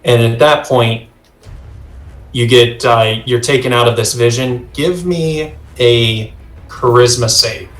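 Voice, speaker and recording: A man narrating a tabletop game as game master over a video call, pausing often with fillers. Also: mid-range voice, a bit bright. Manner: halting, many uh fillers. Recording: roomy sound with faint music.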